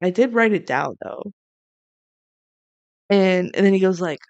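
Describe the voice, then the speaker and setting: Chatty woman with vocal fry. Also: medium pitch, dry recording, dull audio. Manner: chatty, lively retelling with quick asides. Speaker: podcast co-host. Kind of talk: casual chat recapping a movie.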